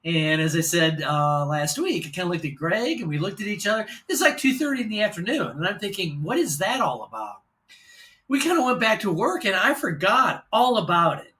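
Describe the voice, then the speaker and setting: A man's voice: high voice, animated, fairly quick, hardly any pauses, pushed and bright. An older man from Illinois telling a long personal story in a casual, rambling way, with profane asides. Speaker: vlogger and storyteller.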